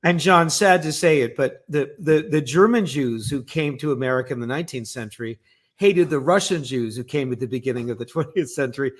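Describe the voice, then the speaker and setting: A professor co-hosting a casual podcast discussion, thoughtful and a bit hesitant, chiming in with short agreements. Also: male voice, mid-range voice, brisk. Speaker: professor and co-host.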